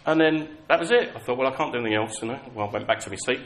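A man's voice: medium pitch, very fast, a little hiss or hum. A man preaching a sermon, telling personal stories in a conversational, self-mocking way. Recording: echoey hall with faint ambience.

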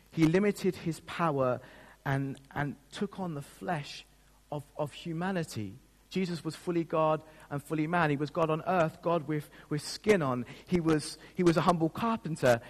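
A man's voice: a little high, in a large hall. A man preaching a sermon as a pastor, speaking in an earnest, emotional way with frequent restarts.

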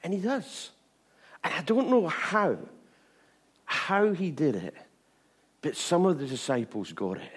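A man preaching an informal sermon, chatty with repeated asides, swinging from bright emphasis to hushed tones. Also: on the high side, expressive, measured pace, pauses often, breathy edge. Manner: chatty, with frequent "you know what I mean" and restarts.

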